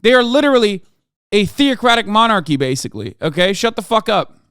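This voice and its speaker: A man hosting a livestream, ranting at his chat in a profane, sarcastic, heated way, sometimes shouting. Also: very animated, fairly quick, smooth, no echo, studio quality. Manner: shouts and raises pitch when ranting. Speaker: livestream host reacting to chat. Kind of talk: casual livestream rant.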